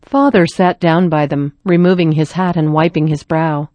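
A woman reading a children's story aloud in a gentle, even storytelling manner. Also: low voice, moderate pace, hardly any pauses, no echo. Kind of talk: scripted story narration.

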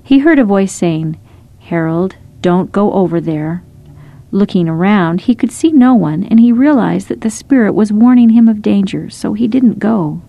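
A woman narrating short scripted stories in a gentle, measured storytelling manner. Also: medium pitch, lively intonation, gravelly, dry recording, lo-fi sound.

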